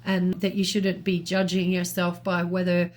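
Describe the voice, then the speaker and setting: A woman co-hosting a talk show, reasoning aloud in a thoughtful, measured way with small restarts. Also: on the low side, monotone. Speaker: podcast co-host. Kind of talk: reflective conversational commentary.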